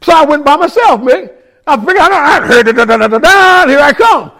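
A man telling his life story as a testimony, emphatic, sinking low and quiet when he warns. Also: expressive, brisk. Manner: emphatic, drops low and quiet for quoted warnings.

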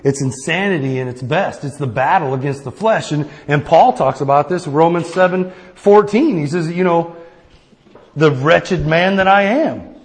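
A man preaching a sermon in a casual, conversational way, often checking in with the listeners with a quick "right?". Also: fairly high pitch. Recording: long reverb of a hall.

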